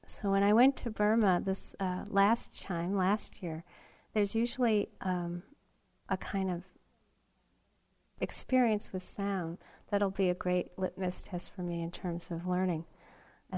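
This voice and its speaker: Reflective woman giving a meditation talk. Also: fairly low pitch. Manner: unhurried and reflective, with frequent ums and soft laughs. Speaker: meditation teacher. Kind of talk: dharma talk. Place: meditation retreat hall.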